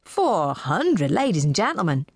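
A woman's voice: fairly low pitch, big pitch swings, measured pace, breathy edge, no room sound, clean studio sound, full character voice. A woman voicing a young male auctioneer, eager and pleading, in an audiobook.

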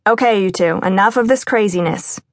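A woman narrator voicing a lively grown woman from a busy Greek family, brisk and teasing, in an audiobook. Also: medium pitch, dry recording, lightly acted. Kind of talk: audiobook character voice.

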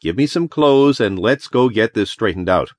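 A man's voice: lowish voice, expressive, moderate pace, no echo, studio quality. A man reading a blunt, baffled young engineer. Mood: incredulous. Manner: blunt, incredulous. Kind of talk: audiobook character voice.

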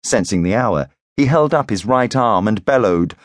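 Deep-voiced male audiobook narrator. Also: lively intonation, moderate pace, few pauses, no echo, clean studio sound. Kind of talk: scripted narration.

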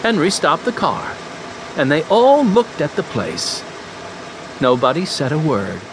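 A man narrating a children's audiobook in an expressive storytelling manner. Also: fairly high pitch, measured pace, background noise.

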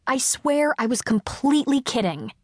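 A woman voicing a sardonic, self-mocking teenage girl who talks quickly and chattily. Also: high-pitched, animated, no echo, studio quality, pitched above the performer's own voice. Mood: chatty.

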